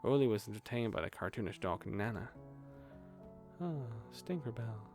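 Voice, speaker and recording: A man's voice: lowish voice, animated, normal speed, a little mellow, faint music behind. A man, a gaming streamer, reading a horror visual novel aloud with casual, swearing asides.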